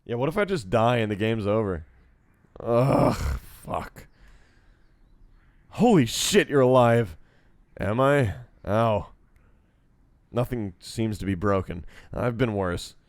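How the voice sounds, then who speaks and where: A man's voice: on the low side, lively intonation, slow pace, dry recording. Profane man reading a visual novel aloud. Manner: sarcastic, profane, talks to chat. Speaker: streamer playing a visual novel. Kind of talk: reading game text aloud with casual commentary. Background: guitar music.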